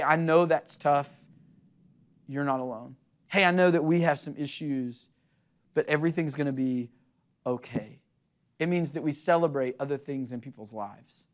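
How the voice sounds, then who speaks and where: A young adult man preaching a sermon, earnest and animated, acting out quotes in an excited voice as he tells stories. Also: a little high, normal speed. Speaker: pastor.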